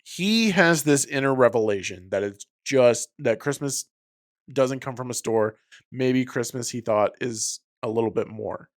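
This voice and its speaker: Laid-back but swearing as he makes his case, a male podcast co-host chats casually in a film review. He speaks at a medium pitch and a measured pace.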